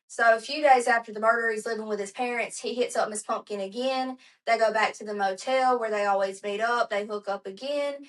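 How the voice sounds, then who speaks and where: A woman's voice: mid-range voice, rough recording. A woman hosting a podcast, narrating a true crime story in a chatty, conversational way with asides. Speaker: podcast host.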